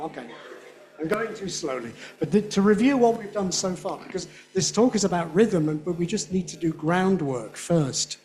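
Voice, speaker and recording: A man lecturing at a conference, his voice sitting a little high for a man. He keeps it conversational, asks "yeah?" after his points and says his examples slowly and carefully. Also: darkish tone. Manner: chatty, checks in with "yeah?", repeats examples slowly. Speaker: guest lecturer on English phonetics. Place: lecture hall with an audience.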